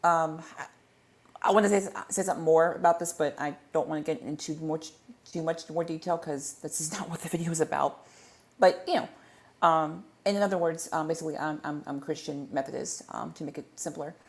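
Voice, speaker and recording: A man's voice: a little high, fairly even intonation, fairly quick, gravelly. A man chats casually on a livestream Q&A, speaking into a desk microphone. He rambles in a playful, good-humored way, often stumbling and restarting his sentences. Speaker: livestream host.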